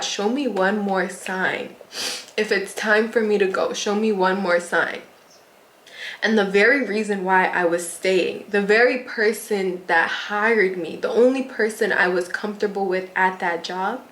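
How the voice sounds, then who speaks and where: A young woman telling a personal story to her viewers in an emotional, animated, chatty way, speaking straight to them. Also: mid-range voice, a little hiss or hum. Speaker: influencer. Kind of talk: storytime vlog. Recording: echoey room.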